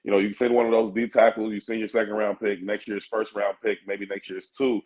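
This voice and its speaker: A man breaking down sports in relaxed talk-show conversation. His voice sits fairly low, and he thinks aloud, checking in with "you know what I mean?". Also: fairly quick, low-quality recording. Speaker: sports talk co-host or guest. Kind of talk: casual sports analysis.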